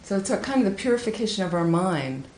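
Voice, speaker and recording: A woman giving a Buddhist talk, telling a teaching story with lively, high-pitched acted quotes. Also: fast talker, slight background noise. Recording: echoey room with faint ambience.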